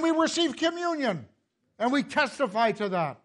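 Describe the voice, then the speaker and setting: Male pastor, sermon, high voice, reads scripture, clears his throat often. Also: sing-song, normal speed. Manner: impassioned, rising to loud calls then dropping low; frequent coughs and throat clearing. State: emotional, tearing up.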